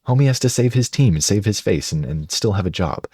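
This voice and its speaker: A man's voice: on the low side, animated, a little fast, warm tone, husky, no room sound, clean studio sound. A man hosting a casual football draft analysis video, talking in a chatty, conversational way and thinking aloud. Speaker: sports video host.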